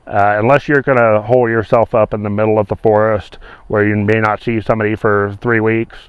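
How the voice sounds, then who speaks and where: Smooth low-voiced man, lo-fi sound. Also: level tone, brisk, no room sound. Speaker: interviewee, nomad. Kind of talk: casual interview answer. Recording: dull, lo-fi sound.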